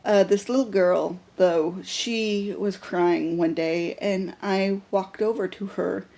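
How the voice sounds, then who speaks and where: A woman's voice: medium pitch, fairly even intonation, slow pace, creaky, warm tone. A young woman talking unscripted to a handheld camera in a personal vlog, rambling with lots of fillers and restarts. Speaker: vlogger.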